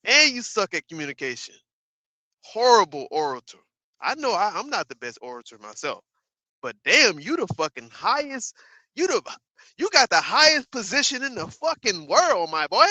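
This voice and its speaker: A man's voice: high-pitched, very animated, normal speed, sharp tone, dry recording. A man giving casual livestream commentary, ranting emphatically and profanely with repeated asides to his viewers.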